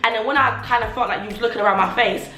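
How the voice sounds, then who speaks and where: A young woman talks openly to her viewers in a relaxed, filler-heavy way, now and then acting out what others once said to her. Her voice is bright and forward, and the echoey home room carries faint music underneath. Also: on the high side, very fast. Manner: chatty, filler-heavy, acts out remembered remarks. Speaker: vlogger. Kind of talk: casual confessional vlog. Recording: roomy echo, faint music.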